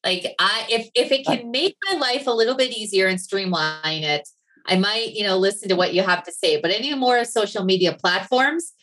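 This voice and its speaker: A woman's voice: mid-range voice, normal speed, fairly bright tone. A woman with a Wisconsin accent hosting an interview podcast, bubbly and exclamatory. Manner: bubbly, exclamatory, with cheers and laughs. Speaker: podcast host.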